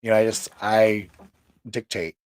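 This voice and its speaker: A man's voice: on the low side, little pitch movement, unhurried, clean tone, no echo. A tired man hosting a show, chatting casually in a rambling way with many restarts. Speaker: host.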